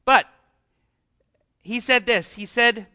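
Male pastor, high and bright, conversational sermon delivery with questions to the congregation. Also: slow pace.

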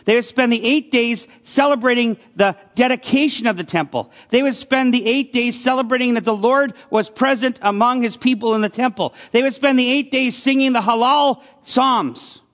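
A man's voice: extremely high pitch, normal speed, few pauses, fairly bright tone, big-room sound. A man preaching a conversational sermon as a pastor, often asking his listeners questions. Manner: conversational, asks the congregation questions.

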